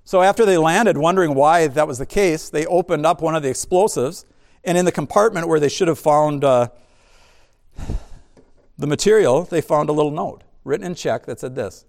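Male pastor, conversational sermon delivery, raised pitch, gravelly edge. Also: moderate pace, a little mellow. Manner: conversational preaching with asides and humor.

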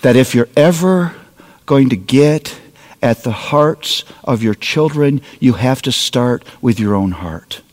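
A man's voice: mid-range voice, animated, slow. A middle-aged man preaching a sermon, speaking earnestly and appealing directly to his listeners. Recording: long reverb of a large hall.

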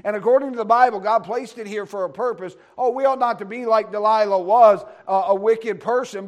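A man's voice: high voice, brisk, hardly any pauses. A man preaching an earnest sermon in church, repeating key phrases for stress. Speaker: pastor.

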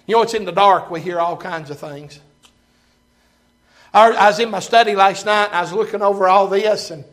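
High-voiced preacher, big swings. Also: male voice. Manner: swings from loud preaching to hushed low tones. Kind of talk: sermon.

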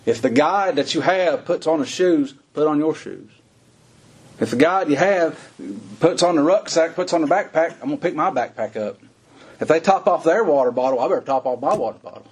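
A man preaching a sermon in a folksy way, laughing between points and climbing high in pitch when he stresses something. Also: darkish tone, breathy edge.

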